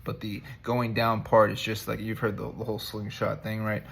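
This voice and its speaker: A man with a rough, gravelly voice that sits a little low. He gives spiritual encouragement to his viewers as relaxed, conversational talk. He rambles and jokes at his own expense. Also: moderate pace. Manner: rambling, conversational, self-joking. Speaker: vlogger giving spiritual encouragement. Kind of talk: casual devotional talk.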